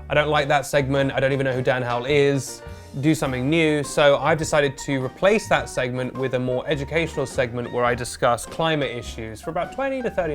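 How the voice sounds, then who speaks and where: A man hosting a comic news show in a dry, deadpan, mock-serious way. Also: medium pitch. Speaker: host. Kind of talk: comedic news commentary.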